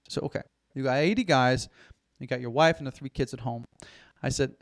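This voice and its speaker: A man's voice: mid-range voice, normal speed, long pauses. A man, an executive coach, speaking as a podcast guest in an earnest, storytelling way. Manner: earnest, storytelling, quotes his clients. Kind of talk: podcast interview.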